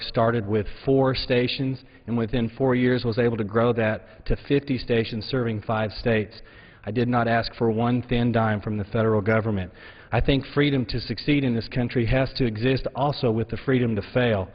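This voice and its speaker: A man's voice: medium pitch, steady tone, normal speed. Earnest man speaking in a big chamber. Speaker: congressman giving a floor speech. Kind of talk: prepared floor speech. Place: large legislative chamber. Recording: dull broadcast audio in a long-reverb chamber.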